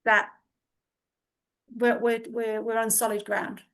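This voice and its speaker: A woman's voice: a little high, flat delivery, slow, a bit bright. A woman co-hosting a conversational interview, thoughtful, searching for words and repeating herself as she goes.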